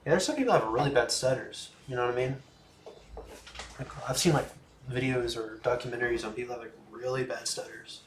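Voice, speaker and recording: A young man in his twenties talks easily through a livestream, reading out viewer questions and answering in a loose, rambling way. His voice is mid-pitched and sits in an echoey room with a faint hum of ambience behind it. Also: quick pace. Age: 20s. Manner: laid-back, chatty, laughs often, trails off. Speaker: livestream host. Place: room in a home.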